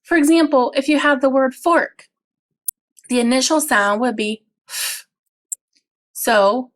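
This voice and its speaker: Brief: woman teacher, slightly high voice, unhurried, patient explainer for a parents' lesson video. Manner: slow, clear, patient explaining with drawn-out example words. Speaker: early childhood teacher.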